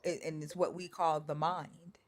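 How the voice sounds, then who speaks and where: A woman's voice: sits low, level tone, moderate pace. A woman in a group discussion who challenges the other side with pointed, probing questions. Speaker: discussion participant.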